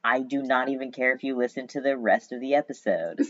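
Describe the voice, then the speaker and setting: A woman's voice: very deep voice, brisk. A woman co-hosting a casual podcast, rambling and self-mocking with lots of filler words. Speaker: podcast co-host. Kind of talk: casual chat. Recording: dull lo-fi recording.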